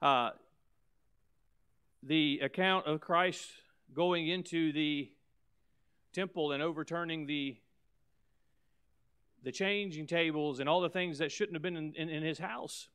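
A man preaching a sermon to his church, fervent, swelling loud on key points and dropping into quick asides. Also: fairly high pitch, clean tone. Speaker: pastor.

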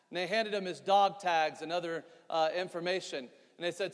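Middle-aged preacher, long church reverb. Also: male voice. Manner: builds from a low even reading to loud, slow, emphatic preaching. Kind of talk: sermon. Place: church sanctuary.

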